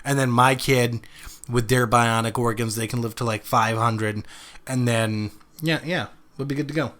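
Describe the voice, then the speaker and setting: A man hosting a podcast in casual chat, joking in a deadpan, absurd way. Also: medium pitch, moderate pace. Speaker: podcast host.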